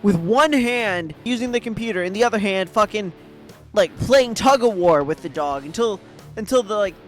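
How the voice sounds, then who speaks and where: A man's voice: high-pitched, animated, normal speed, soft background music. A man, a VTuber, ranting in a casual monologue, exasperated and profane, full of "like" and "right?".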